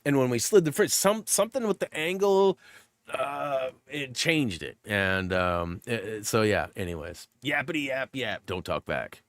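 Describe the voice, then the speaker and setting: A middle-aged man hosting a casual live stream, rambling through stories with quick asides. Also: medium pitch, lively intonation, no echo.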